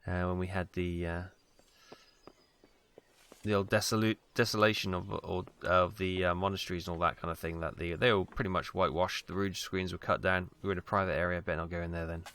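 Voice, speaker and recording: A man's voice: low voice, little pitch movement, fairly quick, a bit bright, clear, resonant tone. A British man from Wales giving casual, rambling commentary on a game he plays, full of ums and asides, on a close mic at home. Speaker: let's play host.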